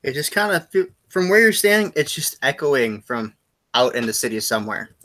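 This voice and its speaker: A man running a tabletop game as game master, narrating in a halting way and often correcting himself. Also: mid-range voice, big pitch swings, pushed and bright.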